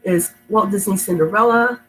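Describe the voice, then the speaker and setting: Soft music plays behind a middle-aged woman who reads storybooks to kids at home in a mid-range voice at a moderate pace. She sounds sick and congested, and after reading she chats affectionately, rambling and laughing often, on poor-quality audio.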